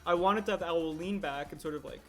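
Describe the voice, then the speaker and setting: A man's voice: on the high side, fast talker, loud music behind the voice. A man livestreaming his stop-motion animation work, chatting casually and rambling as he corrects himself mid-sentence. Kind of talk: casual livestream chat while working.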